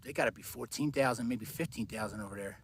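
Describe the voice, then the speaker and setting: Brief: out-of-breath male hiker filming himself on a mountain trail, mid-range voice, faint outdoor noise behind. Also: fast talker. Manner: tired, breathy and puffing at high altitude. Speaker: thru-hiker vlogger. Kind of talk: casual hiking vlog.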